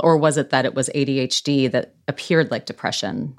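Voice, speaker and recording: A woman's voice: a bass voice, brisk, soft background music. A woman hosting an interview, asking reflective and slightly hesitant questions. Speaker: interview host. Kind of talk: conversational interview.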